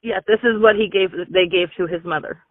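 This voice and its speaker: A woman's voice: medium pitch, a little fast, dry recording. Firm woman on a tinny phone line.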